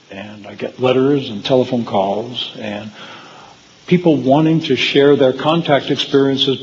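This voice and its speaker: Recorded in a large room with the highs cut off and slight background noise, a man of medium pitch tells personal stories to an audience in a hall. His storytelling talk rambles, with many fillers and restarts along the way.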